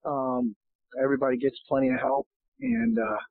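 Hoarse male guest, rambling and casual, phone-line quality. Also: mid-range voice, big pitch swings, moderate pace, no room sound. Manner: rambling, many restarts and fillers. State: hoarse, losing his voice. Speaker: golf professional, guest.

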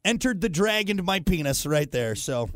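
A man's voice: fairly high pitch, normal speed, dry recording. A man hosting a morning radio show, telling stories with self-deprecating humor and reading ads. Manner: animated, self-deprecating storytelling with laughs. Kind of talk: morning radio banter and ad reads. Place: radio studio. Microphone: studio microphone.

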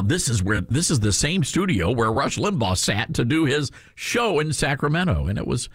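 A man with a Southern US accent hosts a talk radio show and tells his stories in a loose, rambling way, full of ums and false starts. His pitch rises and falls a great deal as he goes. The studio sound is dry and close. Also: breathy edge, dry recording. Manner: rambling storytelling with many fillers and restarts. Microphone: studio microphone.

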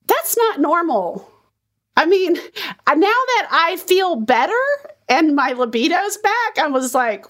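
A middle-aged woman co-host with a fairly high voice that swoops up and down a lot. She chats candidly and casually about personal matters in a relaxed podcast conversation. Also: unhurried. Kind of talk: casual chat.

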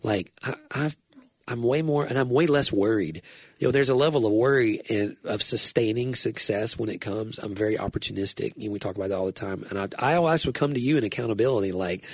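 A man's voice: on the low side, fast, slightly rough, no room sound, studio quality. A man talking reflectively in casual conversation, often stumbling and repeating words as he searches for them.

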